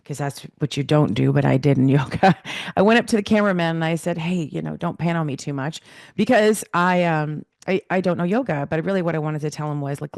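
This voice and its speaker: A middle-aged woman telling a personal story as a podcast guest, animated and acting out the dialogue she remembers. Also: sits low, a little fast, creaky, dry recording, clean studio sound.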